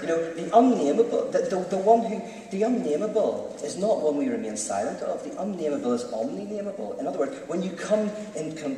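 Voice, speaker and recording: A man giving a lively, joking theological talk with frequent restarts, recorded from a distance in a large hall. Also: high voice, a little hiss or hum. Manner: animated, joking, restarts often. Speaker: speaker. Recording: echoey hall from far off.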